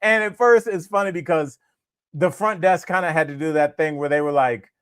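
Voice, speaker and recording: A man's voice: fairly high pitch, normal speed, clear, resonant tone, no echo, clean studio sound. A man in his forties, co-hosting a comedy podcast and telling a rambling story full of fillers. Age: 40s. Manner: rambling, animated anecdote-telling with frequent fillers. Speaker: podcast co-host.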